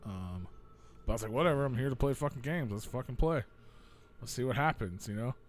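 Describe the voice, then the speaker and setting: A man's voice: medium pitch, a little fast, a little hiss or hum. Rambling, cursing man telling a story. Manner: rambling storytelling, swearing, acts out quoted voices loudly. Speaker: radio show host. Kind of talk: casual chat.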